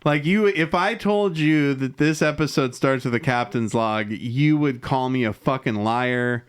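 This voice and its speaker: A man with a smooth, resonant voice sits in the co-host chair and recaps an episode in loose, rambling chat. He swears freely and slips into quick little voices for the characters before dropping back to his own mid-pitched tone. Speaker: podcast co-host.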